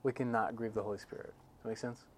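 Speaking fast in a lowish voice with fairly even intonation, a pastor delivers his sermon in a conversational style. He often checks in with the congregation, shifting from hushed, weighty passages to loud, emphatic bursts.

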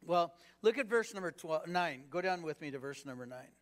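A man with a notably high voice preaching a sermon. He talks conversationally, tossing rhetorical questions to the congregation and leaning on "you know" between thoughts. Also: expressive, brisk. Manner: peppered with "you know" fillers. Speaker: pastor.

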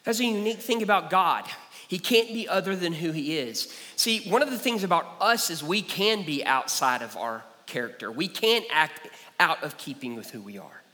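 A man's voice: on the high side, lively intonation, normal speed, sharp tone. A man preaching a sermon as a pastor, earnest and personal, telling stories and repeating key phrases. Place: church sanctuary. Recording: church hall reverb.

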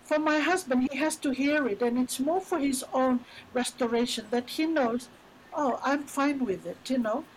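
A middle-aged woman with a fairly high voice speaks as a podcast guest. She tells faith stories in a loose, chatty way and leans on "you know" as she goes. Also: normal speed, hardly any pauses, slight background noise, low-quality recording. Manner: chatty storyteller, many "you know" fillers. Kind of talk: casual faith conversation.

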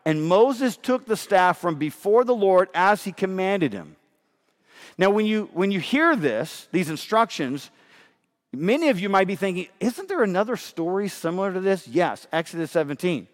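Male pastor, high and very lively voice, emphatic sermon delivery, long hall reverb. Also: unhurried. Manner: animated, emphatic, repeats phrases.

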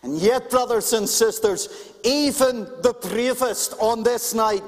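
Male preacher, high voice, emphatic and repetitive delivery, big echoing hall. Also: slow pace. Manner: emphatic, repeats key phrases for stress. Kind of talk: sermon. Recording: long reverb in a large hall.

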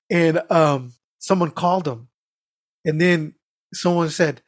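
A man on a casual podcast, telling animated stories with lots of swearing and laughter. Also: high-pitched, moderate pace, dry recording, clean studio sound. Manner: animated storytelling, heavy swearing, frequent laughs. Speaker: podcast co-host.

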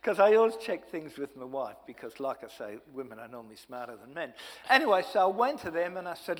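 A fairly high-voiced man spins a chatty, self-deprecating story with plenty of asides. His voice carries the long reverb of a church hall, and he speaks as a guest evangelist. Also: very animated, a little fast. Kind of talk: storytelling testimony.

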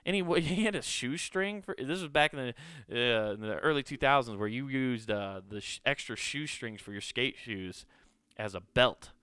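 A man's voice: medium pitch, animated, moderate pace, bright, forceful tone, smooth, dry recording, studio quality. A man in his thirties hosting a podcast, rambling casually, swearing and joking at himself. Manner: rambling, swearing, self-mocking. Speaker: podcast host.

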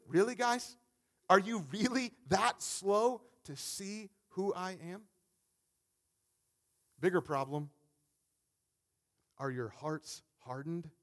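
High-voiced animated preacher. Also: male voice. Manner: animated, repeats words, acts out quotes. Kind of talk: sermon.

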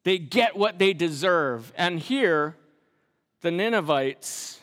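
A very high-pitched man delivers a joking sermon at an unhurried pace, stumbling over restarts and then falling to a hush for effect. His voice rings with a long reverb, as if he's in a large hall. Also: expressive. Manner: storytelling with frequent restarts and sudden quiet, dramatic drops. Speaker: pastor. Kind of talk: humorous sermon.

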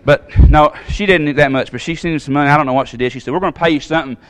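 Preacher, storytelling, a bit high-pitched, animated, acts out the voices. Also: male voice, rapid-fire. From Tennessee. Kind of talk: storytelling sermon.

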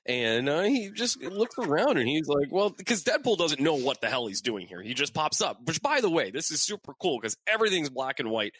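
A man co-hosting a podcast in casual chat, animated and joking, and he swears freely. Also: on the high side, brisk, few pauses, breathy edge. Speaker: podcast co-host.

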